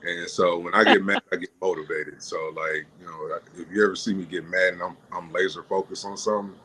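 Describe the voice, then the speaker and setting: A man talking as a podcast guest, telling his business story in an animated way and often laughing. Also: low voice, brisk. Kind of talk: casual storytelling.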